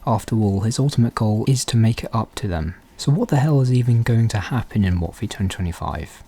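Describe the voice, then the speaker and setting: A man hosting a fan theory channel, talking quietly and softly through a scripted commentary. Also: fairly low pitch, lively intonation, a little fast, breathy edge. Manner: quiet, hushed, soft-spoken delivery.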